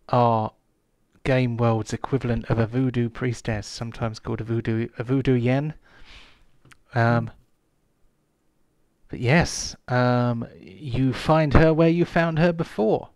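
A man narrating as game master in a tabletop game, halting with frequent ums. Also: mid-range voice, no echo, clean studio sound. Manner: hesitant, many ums.

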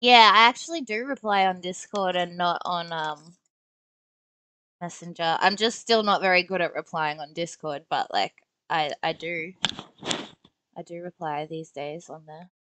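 A woman's voice: lowish voice, a little slow, bright, forceful tone, dry recording. A young woman streamer chatting casually and playfully while building tiny block figures, talking to herself as she works.

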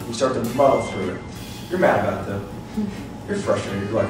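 A man's voice: medium pitch, quick pace, far from the mic. Man, thirties, leadership seminar talk, playful, acts out scenes, very echoey hall, faint music behind. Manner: animated, acts out scenes, laughs often. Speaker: motivational speaker.

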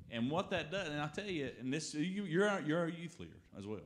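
A man's voice: fairly high pitch, big pitch swings, a little fast. A man speaking up during a sermon in an earnest conversational exchange with the preacher, searching for his words.

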